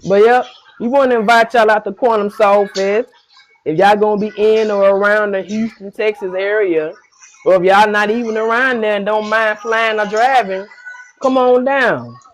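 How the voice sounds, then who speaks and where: A woman hosting a casual online podcast chat, relaxed and teasing in a colloquial way. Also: mid-range voice, normal speed, a little hiss or hum. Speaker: podcast host.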